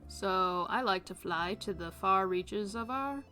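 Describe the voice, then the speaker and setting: A woman's voice: mid-range voice, measured pace, pushed and bright, faint music behind. A woman reading game dialogue aloud for a chatty, adventurous female albatross explorer in a friendly, upbeat way.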